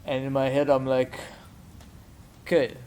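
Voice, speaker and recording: A man's voice: medium pitch, measured pace, a little hiss or hum. A man in his thirties with a South African accent, telling stories casually as a podcast guest, acting out quoted voices. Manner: animated, acts out quoted voices with laughter. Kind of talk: casual storytelling.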